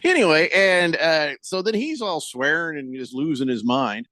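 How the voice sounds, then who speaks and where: Rambling, animated male sports radio host. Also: a little high, normal speed, dry recording, clean studio sound. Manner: joking, rambling with many fillers and restarts. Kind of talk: casual sports talk.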